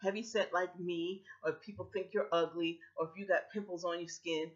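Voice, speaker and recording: A woman talking straight to camera from home, pitching a home business emphatically and repeating her points. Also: steady tone, a little fast. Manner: emphatic and repetitive, speaks straight to viewers. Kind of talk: casual persuasive talk to camera. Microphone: built-in webcam mic. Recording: dull lo-fi webcam audio.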